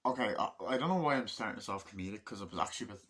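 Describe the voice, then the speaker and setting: A man giving a casual spoken film review, rambling and swearing, often breaking into loud shouted quotes from the film. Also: on the low side, animated, rapid-fire.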